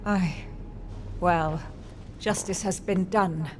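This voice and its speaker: A woman's voice: fairly low pitch, steady tone, takes it slowly, soft background music. An actress playing a frightened young noblewoman in a video game, pleading and anxious.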